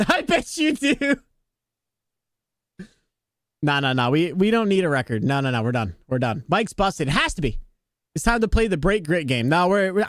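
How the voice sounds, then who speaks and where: A man streaming a game live, talking to his chat in an excitable, flustered, joking way. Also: high voice, no room sound, clean studio sound.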